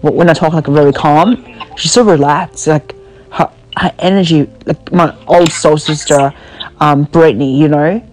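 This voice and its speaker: A woman's voice: sits low, normal speed, darkish tone, soft background music, poor audio. A woman hosting a podcast over the phone in a blunt, profane casual rant, packed with "you know" and "like," her voice worn out from talking. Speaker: podcast host.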